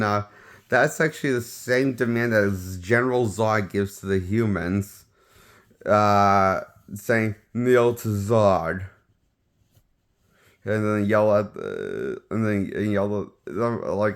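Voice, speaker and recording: A man giving a casual spoken movie review, rambling and often restarting his sentences as he shares offhand opinions. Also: lowish voice. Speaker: film reviewer.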